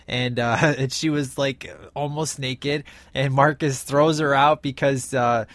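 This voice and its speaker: A man's voice: medium pitch, steady tone, a little slow, a bit bright, dry recording. Enthusiastic man recapping a film, dry sound. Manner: enthusiastic, rambling with many fillers. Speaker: film reviewer.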